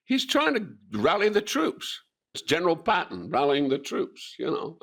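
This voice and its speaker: A man's voice: on the high side, big pitch swings, normal speed, vocal fry, a bit bright. An older man, an actor being interviewed, telling stories with lots of swearing and acted-out voices. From Scotland. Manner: swears freely, acts out quoted voices. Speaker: actor guest. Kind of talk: animated anecdotal interview.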